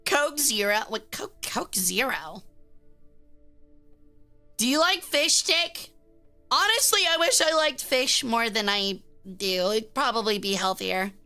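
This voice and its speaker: Woman streamer, high bright voice, playful cursing banter, faint music behind. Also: sing-song, slow pace, pauses often. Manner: playful, profane banter, teasing chat. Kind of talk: casual live-stream chat with viewers.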